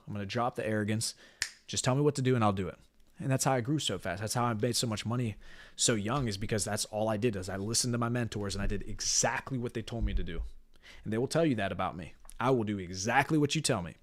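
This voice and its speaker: A man's voice: mid-range voice, dry recording. Blunt, cursing man giving a pep talk. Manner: blunt, profane, emphatic repetition. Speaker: business mentor. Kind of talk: motivational talk to a team.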